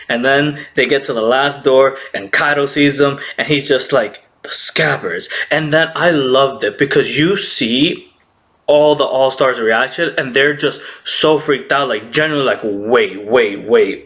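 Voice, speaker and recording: A man casually recapping an anime episode, excitable, laughing often and acting out characters' lines. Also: mid-range voice.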